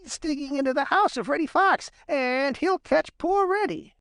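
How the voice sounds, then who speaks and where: Man putting on a jumpy storybook rabbit boy, pitched way up, panting and rushed. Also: very animated, a little mellow, no echo, clean studio sound, full character voice. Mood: alarmed. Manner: panting, high and hurried. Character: excitable young male rabbit, breathless.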